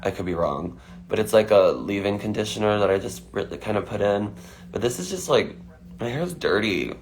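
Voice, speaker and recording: A man's voice: lowish voice, animated, normal speed, gravelly, slight background noise. A man chatting casually on a phone livestream, answering fan questions with lots of fillers. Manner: chatty, filler-heavy, frequent "like".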